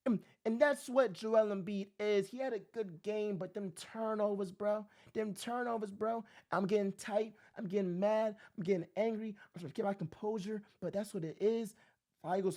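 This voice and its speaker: A man hosting a sports talk show, ranting with emphatic passion and throwing in "bro" constantly. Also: high-pitched. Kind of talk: impassioned sports rant.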